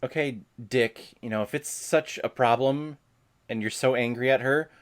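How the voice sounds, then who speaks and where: A man hosting a casual movie watch-along, reacting with excited, profane, laughing commentary. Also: mid-range voice, normal speed, slight background noise.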